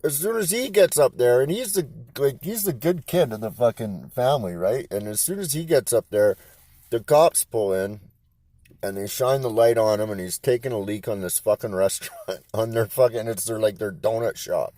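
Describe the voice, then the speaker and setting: A laid-back man tells a rambling, profane story. His voice is warm and mellow, with a close, dry sound. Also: mid-range voice, moderate pace, no echo. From Canada. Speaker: interviewee. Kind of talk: casual storytelling.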